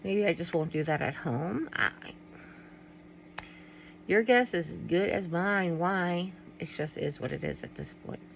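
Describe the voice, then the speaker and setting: Gravelly-voiced woman talking candidly to camera. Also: fairly low pitch, expressive, a little slow, slight background noise, poor audio. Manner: rambling, candid, trails off and restarts. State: tearful at times. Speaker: vlogger. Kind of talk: personal vlog, talking to viewers.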